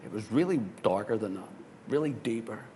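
A man, a pastor telling a story in a sermon, swinging from loud, excited bursts to hushed tones. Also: fairly quick. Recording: hall reverb with faint rumble.

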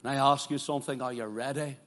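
A man preaching a sermon, moving between loud fervent declarations and quiet, pleading questions to his listeners. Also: mid-range voice, steady tone, quick pace. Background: congregation present, also streamed live.

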